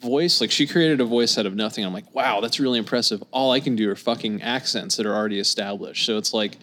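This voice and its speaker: A man's voice: on the low side, quick pace, fairly bright tone. A man from Scotland chatting casually as a podcast guest, laid-back, swearing freely and laughing easily.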